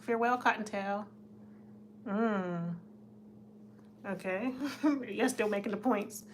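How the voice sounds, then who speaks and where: Woman livestream host, easygoing and chatty, mid-pitched, faint room hum behind. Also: takes it slowly. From United States. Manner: chatty, laughs often, talks to chat. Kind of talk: casual live chat reading comments.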